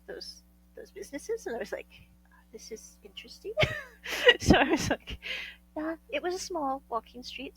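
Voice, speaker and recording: A chatty woman from the United States tells a story in a slightly high voice, laughing often as she acts out both sides of conversations. Her tone stays casual and storytelling. A faint hum sits under the recording. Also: vocal fry, fairly bright tone, poor audio.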